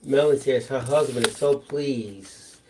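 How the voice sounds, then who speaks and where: A man's voice: mid-range voice, a little slow, noisy background. A man co-hosting a live craft stream, reading out viewer comments and joking along. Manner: joking, teasing.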